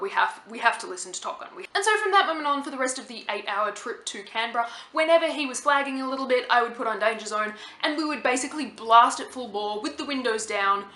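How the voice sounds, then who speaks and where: An Australian woman in her thirties, chatting fast and casually to her camera with plenty of "like". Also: fairly high pitch, sharp tone, echoey room, a little hiss or hum. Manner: fast-talking, chatty, lots of "like". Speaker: vlogger.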